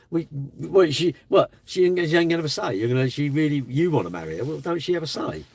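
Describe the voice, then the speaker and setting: A man's voice: a little high, expressive, brisk, darkish tone, slightly rough, no room sound. A man hosting a live stream, chatting bluntly and casually with his viewers. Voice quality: blunt, chatty, slangy delivery.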